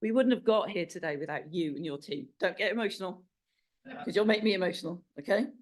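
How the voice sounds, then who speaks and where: A woman's voice: on the low side, expressive, fairly quick. Woman sponsor speaker at a launch, emphatic and rallying. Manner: emphatic, rallying, repeats key words. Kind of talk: event speech. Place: event room at a launch.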